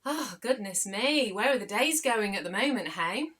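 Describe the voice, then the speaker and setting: A young woman hosts a live children's writing workshop over a computer mic. She talks to the kids in a playful, animated way, gasping with delight and calling out viewers by name. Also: medium pitch, normal speed, slightly rough.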